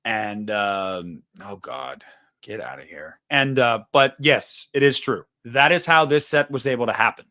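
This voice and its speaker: A man's voice: medium pitch, animated, measured pace, bright, forceful tone. A man hosting a casual livestream, chatting with viewers in a loose, profane, rambling way. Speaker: livestream host.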